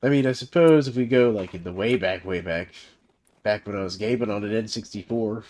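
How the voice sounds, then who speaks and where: A brisk, lowish voice with a darkish tone belongs to a Southern man in his thirties chatting as he games on stream. The server host rambles easily, with plenty of fillers and chuckles.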